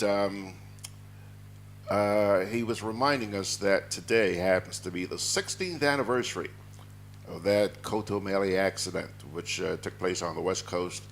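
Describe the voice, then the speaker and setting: A man's voice: low-pitched, slight background noise. A man hosting a morning show, chatting and reading out listener greetings. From Grenada. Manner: chatty, reads listener messages aloud. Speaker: radio host.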